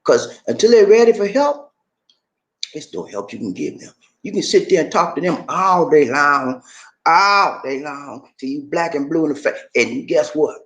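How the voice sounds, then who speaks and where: An animated man delivering a preachy vlog monologue straight to his viewers. His pitch swings widely as he lectures, and he keeps calling out to the viewer with "man". The delivery is loose and conversational. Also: normal speed, dull audio. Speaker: YouTube creator.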